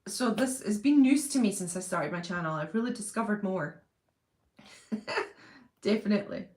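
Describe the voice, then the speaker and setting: A woman's voice: medium pitch, animated, normal speed, a little mellow. A woman hosting a casual live stream, chatting, laughing often and reading out viewer comments. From Britain. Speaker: channel host reading live chat. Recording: roomy echo.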